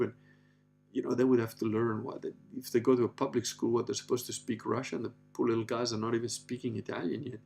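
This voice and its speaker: A man's voice: medium pitch, flat delivery, fast, vocal fry, a little mellow, faint music behind. A man hosting a casual livestream, reading out viewer comments and rambling on in a profane, offhand way with lots of filler words. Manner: rambling, profane, full of "you know" and "like".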